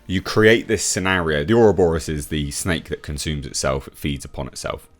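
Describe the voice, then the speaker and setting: A brisk bass voice belongs to this English YouTube reviewer, who reads out an article while mocking it, scoffing, laughing and restarting many times. Faint music can be heard in the background.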